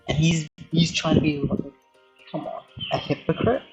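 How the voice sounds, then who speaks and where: A man chatting casually as a YouTuber, excitable, laughing often and swearing. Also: fairly high pitch, moderate pace, muffled recording, over music. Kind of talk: casual commentary on chatbot chats.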